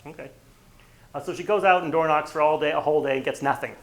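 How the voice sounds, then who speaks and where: A man's voice: fairly high pitch, fast talker, a bit bright, low-quality recording. A man leading a real estate training session, talking casually and often acting out bits of dialogue. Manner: conversational, acts out quoted dialogue. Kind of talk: workshop lecture.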